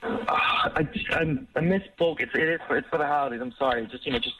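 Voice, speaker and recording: A man's voice: fairly high pitch, fast talker, sharp tone, breathy edge, distant mic. A man on a phone call, defensive and stammering, pleading his case. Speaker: caller.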